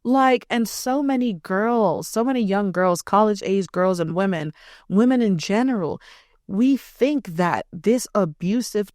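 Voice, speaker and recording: With a medium-pitched voice captured in a dry, clean studio recording, a young female podcast host shares a personal story. Her casual storytelling is blunt, emphatic, and full of profanity.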